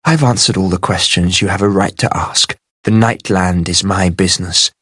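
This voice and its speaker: A man's voice: low-pitched, steady tone, normal speed, a bit bright, husky, dry recording, clean studio sound. A man voicing a proud, secretive sorceress in an audiobook, speaking in a cold, guarded, weary way. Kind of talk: audiobook character voice.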